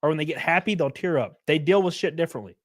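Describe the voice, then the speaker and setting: A man's voice: a little high, animated, fast talker. A man hosting a live stream, ranting bluntly and profanely and reading chat messages aloud. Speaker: streamer host. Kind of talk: casual live-stream reaction rant.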